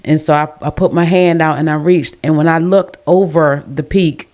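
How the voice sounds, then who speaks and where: A woman's voice: low voice, steady tone, moderate pace, a little mellow. A woman hosting a podcast who talks in an emotional, effusive way with churchy phrasing. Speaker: podcast host. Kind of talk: casual chat.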